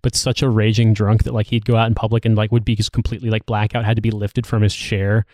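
A man's voice: fairly low pitch, flat delivery, quick pace, darkish tone, no echo, clean studio sound. A man co-hosting a podcast, telling a rambling anecdote packed with "like". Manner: rambling storyteller, full of "like". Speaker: podcast co-host.

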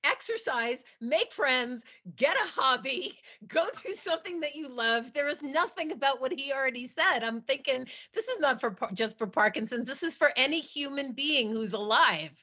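A woman's voice: high-pitched, expressive, moderate pace, hardly any pauses, sharp tone, slightly rough, highs cut off. A woman co-hosting a podcast interview who speaks in a direct, upbeat way. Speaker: podcast co-host. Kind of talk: interview chat.

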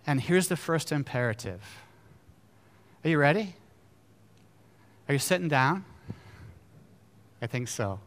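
A male preacher with a high, bright voice delivers a lively sermon. He swings from booming exclamations down to hushed storytelling. He keeps asking his congregation rhetorical questions. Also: a little slow, pauses often. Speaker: pastor.

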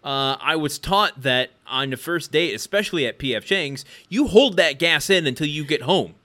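Male podcast co-host, bright voice, dry wry recapper. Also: a little high, lively intonation, normal speed. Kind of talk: casual chat.

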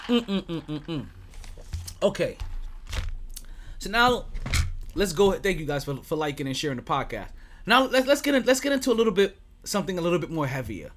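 A New York sports podcast host with a high-ish voice and big pitch swings chats loosely with his co-hosts at a moderate pace, taking long pauses, laughing often and swearing freely. There's a little hiss or hum.

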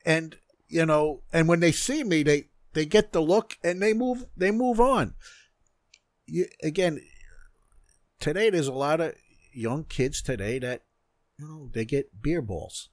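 A man's voice: on the high side, measured pace, no room sound, clean studio sound. An older man, a martial arts instructor being interviewed, talking casually and rambling with frequent "you know" and restarts.

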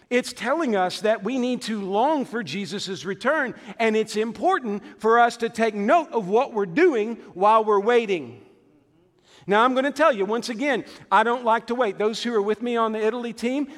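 A man's voice: sits high, a bit bright, in a large hall. A man preaching a fervent sermon as a pastor, emphatic and full of rhetorical questions.

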